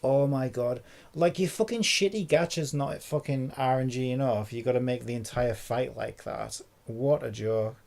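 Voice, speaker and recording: A man's voice: medium pitch, normal speed, creaky, darkish tone. A man streaming a game live, ranting furiously and swearing about a boss fight. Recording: game music playing behind.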